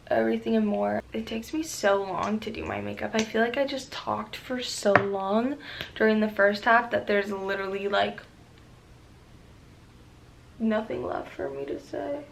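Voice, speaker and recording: A young woman rambling casually in a makeup vlog, profane and excitable with lots of fillers, recorded on a camera mic at home. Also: a little high, a little slow, creaky. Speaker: beauty vlogger.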